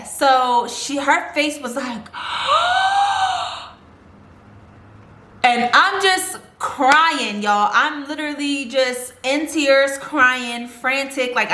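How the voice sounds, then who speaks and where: A woman's voice: sits high, slow, sharp tone, roomy sound. A young woman vlogging a casual storytime, rambling and chatty with lots of fillers.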